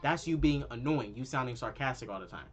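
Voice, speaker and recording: A man in his twenties, a YouTuber ranting in an exasperated, animated way with casual slang while reviewing a movie. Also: mid-range voice, fast, slight background noise.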